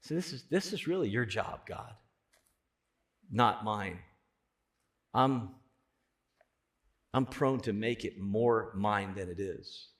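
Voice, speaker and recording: A man preaching a sermon as pastor, conversational, swelling loud on key points. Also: mid-range voice.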